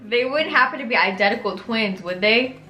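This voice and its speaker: A young woman voicing a troubled middle-aged mother from a story game, speaking quietly. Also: on the high side, expressive, brisk, echoey room.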